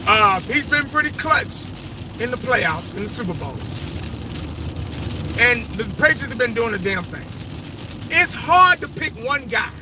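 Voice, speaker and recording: Sing-song and very high, this fan vlogger's voice moves a little slowly, with long pauses and a noisy background. He rambles through a casual, opinionated rant on football greats, swearing freely.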